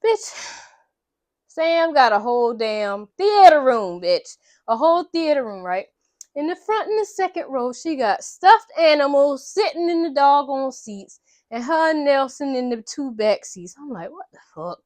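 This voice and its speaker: Chatty, animated woman recapping a movie. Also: high-pitched, unhurried, no echo. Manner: chatty, animated, slangy, profane. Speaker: vlogger.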